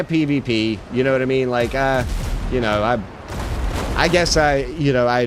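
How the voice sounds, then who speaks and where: Laid-back male streamer, slangy and profane, over a faint noisy background. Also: mid-range voice. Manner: laid-back, swearing, lots of "bro" and "dude". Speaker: livestreamer. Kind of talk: casual chat while gaming.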